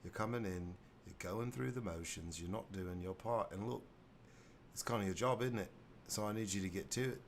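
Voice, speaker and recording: A man's voice: low-pitched, normal speed, a little hiss or hum. A man putting on a British accent to play a stern, scolding male boss. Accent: put-on British. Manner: blunt, bossy, mocking.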